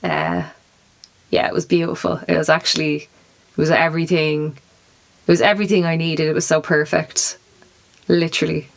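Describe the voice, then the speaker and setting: A young woman co-hosts a relaxed podcast. Her voice sits fairly low, and she talks in a chatty way with giggles and fillers like "um" and "like.". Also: moderate pace, vocal fry, pauses often. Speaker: podcast co-host. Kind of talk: casual chat.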